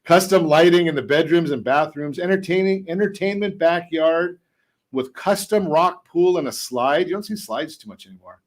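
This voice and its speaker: A man hosting a casual radio talk show on homes and mortgages, chatty and a little halting, with dry asides. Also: on the high side. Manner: chatty, stumbles over words, drops dry jokes. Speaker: radio host and mortgage expert.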